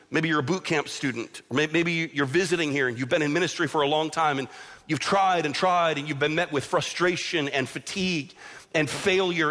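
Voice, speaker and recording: A man's voice: fairly high pitch, a bit bright. A middle-aged man preaching a sermon as pastor, impassioned and building, with repeated appeals to his listeners. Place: church sanctuary. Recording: long church reverb with music behind.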